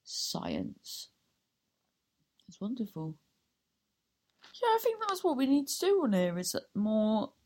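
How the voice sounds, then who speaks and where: A woman's voice: fairly high pitch, huge pitch swings, takes it slowly, long pauses, warm tone. A woman comedian hosting her own podcast, wrapping up an episode in a rambling, self-mocking way that keeps losing its thread. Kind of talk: casual podcast sign-off.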